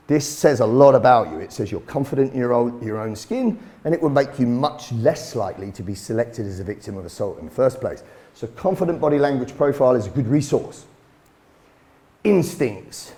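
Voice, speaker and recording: A man's voice: mid-range voice, darkish tone. A middle-aged man teaching self-defence, blunt and direct, swearing casually as he explains. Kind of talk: instructional talk.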